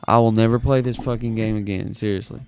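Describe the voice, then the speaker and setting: A man's voice: fairly low pitch, fairly even intonation, fast talker, noisy background. A man streaming a game live, panicking and swearing, repeating himself as he talks to his chat.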